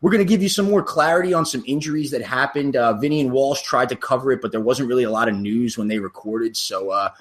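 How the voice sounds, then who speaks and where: A man hosts a sports podcast with easy, teasing banter. His talk is loose and casual, with the odd swear word thrown in. His voice sits at an ordinary middle pitch. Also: fast talker, hardly any pauses. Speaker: podcast co-host.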